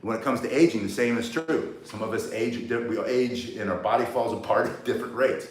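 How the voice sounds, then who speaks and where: A man's voice: mid-range voice, fairly quick. An older man teaching cane self-defense outdoors, blunt and rambling, with joking asides. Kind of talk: live outdoor workout lesson. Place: outdoors in the sun. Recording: roomy echo, mic set at a distance.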